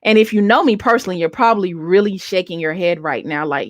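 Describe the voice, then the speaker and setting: Speaking quickly with hardly any pauses, a woman in her late thirties with a mid-range voice animatedly hosts a podcast. She tells a personal story candidly and earnestly, restarting sentences often, and the studio-quality audio has no room sound.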